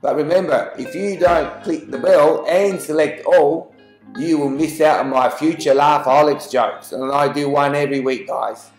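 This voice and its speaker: A man's voice: a little high, moderate pace. A middle-aged man, casually telling jokes to camera in a folksy, chatty way. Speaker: joke channel host. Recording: echoey room with faint guitar music.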